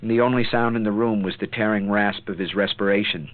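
A man narrating an audiobook in a measured, dramatic way. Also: fairly low pitch, steady tone. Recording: tinny phone-like sound.

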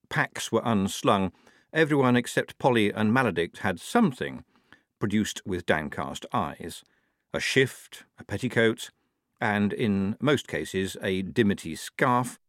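Expressive male audiobook narrator. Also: fairly low pitch, dry recording, studio quality. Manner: measured, expressive storytelling. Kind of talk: scripted narration.

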